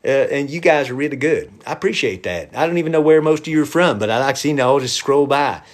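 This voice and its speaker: A middle-aged man, a musician and comedian, chatting loosely and irreverently to viewers on a live stream, sometimes dropping to a hushed whisper. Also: mid-range voice, lively intonation, fast, faint music behind.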